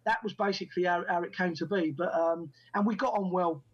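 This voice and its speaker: A man's voice: sits high, brisk, highs cut off. A middle-aged man, a guest actor and director, telling anecdotes in an interview and acting out the dialogue he quotes. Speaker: guest, actor and first-time film director. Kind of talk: casual storytelling in an interview.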